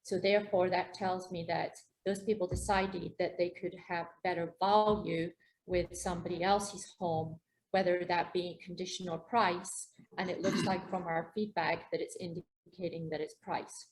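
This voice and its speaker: Calm woman reasoning step by step. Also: fairly low pitch, normal speed, poor audio. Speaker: agent volunteering in a role-play. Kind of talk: seminar role-play.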